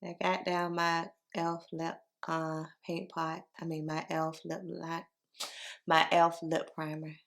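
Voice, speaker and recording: A woman talks her viewers through a makeup routine at home, low and unhurried in her morning voice. Her tone sits a little on the low side, chatty and familiar, calling everyone y'all. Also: completely flat delivery, vocal fry, a bit bright. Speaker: beauty vlogger. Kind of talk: casual makeup tutorial chat.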